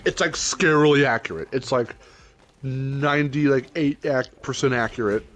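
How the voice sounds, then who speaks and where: A young man chats casually while streaming a game, his voice sitting at an ordinary middle pitch. He jokes, rambles between thoughts and breaks into laughter often. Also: moderate pace, a bit bright, soft background music. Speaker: streamer and host. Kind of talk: casual gaming chat.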